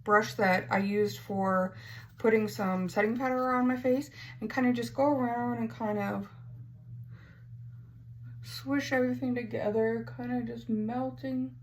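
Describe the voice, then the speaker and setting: Woman, beauty vlogger, unhurried, slightly high voice, chatty, self-mocking, faint background hiss. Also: fairly even intonation. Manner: chatty, self-mocking, stumbles over words. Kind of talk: casual get-ready-with-me makeup tutorial.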